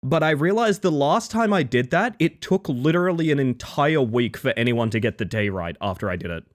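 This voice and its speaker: A man's voice: medium pitch, expressive, a little fast. A man streaming live, chatting casually and greeting his chat one by one with playful, jokey asides.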